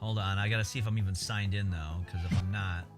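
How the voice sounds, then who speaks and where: A man's voice: low voice, fairly even intonation, fast, music in the background. A man chatting casually on a livestream, laid-back and swearing freely while he eats.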